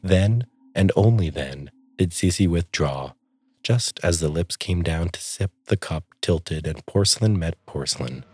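A man's voice: low-pitched, expressive, unhurried, darkish tone, husky. A man narrating a spooky story aloud, lending different voices to the characters in the dialogue.

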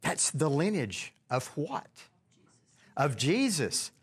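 A man's voice: on the high side, huge pitch swings, slow pace, breathy edge. A man leading a casual Bible study, talking conversationally, asking the group questions and often restarting his sentences.

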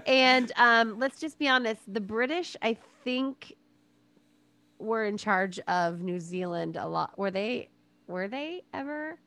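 A woman's voice: a little high, animated, takes it slowly, pushed and bright, smooth, no echo. A woman co-hosting a podcast, talking casually and rambling a bit, laughing at her own slips. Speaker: podcast co-host. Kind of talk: casual chat.

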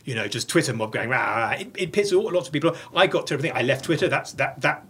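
A man's voice: on the high side, lively intonation, very fast, a bit bright, a little hiss or hum. A middle-aged man talking as an interview guest, blunt and profane, tumbling over restarts as he speaks. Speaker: podcast guest. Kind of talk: candid interview conversation.

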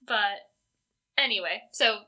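Chatting casually and leaning on "like" as filler, a female podcast host presents fan awards. Her voice is mid-range and sharp in tone, and she speaks slowly.

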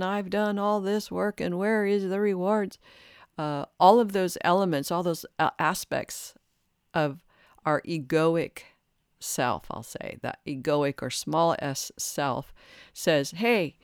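A woman's voice: deep voice, dry recording, clean studio sound. Earnest woman hosting a spiritual podcast. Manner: earnest, laughs at herself, acts out her own inner complaints. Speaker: podcast host. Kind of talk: reflective spiritual podcast monologue.

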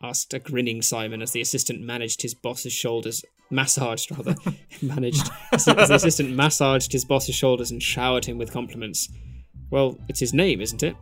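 A man's voice: mid-range voice, fairly even intonation, normal speed, a bit bright, soft background music. Man playfully reading a comedy story. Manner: playful, chuckling at his own puns. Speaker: podcast co-host. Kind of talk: reading interactive fan fiction aloud.

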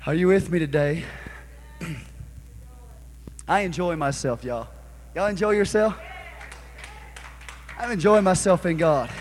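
Male pastor, high voice, fervent call-and-response preaching, live church recording. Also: unhurried, pauses often. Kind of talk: sermon.

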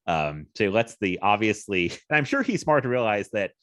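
Deep-voiced guy, really animated, chatty film talk with lots of laughing. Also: moderate pace, no echo, clean studio sound. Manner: laughs often, chatty with fillers. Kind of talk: casual film discussion.

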